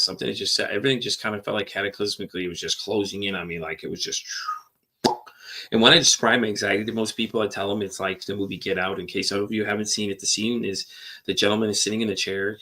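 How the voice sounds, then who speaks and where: A man's voice: lowish voice, pushed and bright. A man hosting a podcast, talking candidly and at length in a rambling, repetitive way with casual swearing. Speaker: podcast host. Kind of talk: candid personal monologue.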